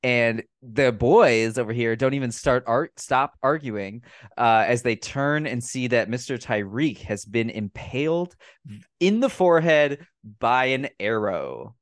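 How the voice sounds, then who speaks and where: Profane, animated male podcast host. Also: mid-range voice, unhurried, no room sound, studio quality. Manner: profane, animated retelling of scenes. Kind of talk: casual film review chat.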